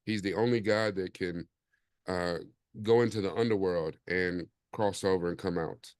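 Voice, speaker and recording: A man's voice: low-pitched, steady tone, moderate pace, darkish tone, clear, resonant tone, no room sound, clean studio sound. A man hosting a casual podcast chat in a laid-back, rambling way, with plenty of fillers. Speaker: podcast host.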